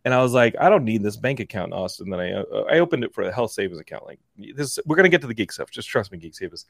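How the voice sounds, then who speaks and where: A man in his forties, a podcast host, telling a story in casual chat and acting out the dialogue in lively quoted voices. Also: on the low side, quick pace, vocal fry, no room sound. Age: 40s.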